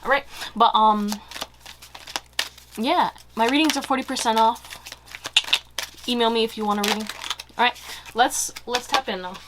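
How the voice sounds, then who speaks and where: A woman's voice: on the high side, moderate pace, long pauses, noisy background. Chatty woman giving a tarot reading. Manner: chatty, laughs often, slangy asides. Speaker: tarot reader. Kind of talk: casual pick-a-card tarot reading.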